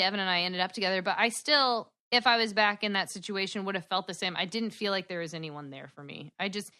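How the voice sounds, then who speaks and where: Bright-voiced chatty young woman. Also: mid-range voice. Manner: rambling, filler-heavy with frequent "like". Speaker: podcast guest. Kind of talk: casual storytelling chat.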